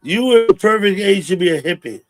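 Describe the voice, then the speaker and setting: A sixty-year-old man hosting a casual livestream chat, rambling and thinking out loud. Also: high-pitched, expressive, fairly quick. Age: 60s. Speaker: livestream host.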